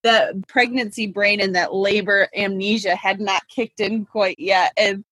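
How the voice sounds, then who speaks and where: A woman in her thirties talks as a guest in a relaxed interview. Her voice is a little husky and breathy, recorded dry and close. She rambles warmly with frequent "like" fillers. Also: mid-range voice, measured pace, no room sound. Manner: chatty, laughs between thoughts, many "like" fillers. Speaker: midwife and business consultant.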